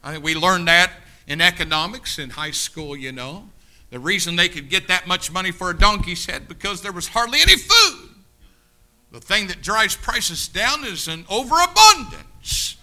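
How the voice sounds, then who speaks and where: A pastor with a high, expressive voice preaches a sermon to his congregation. He builds to shouted peaks and slows down for emphatic, repeated lines.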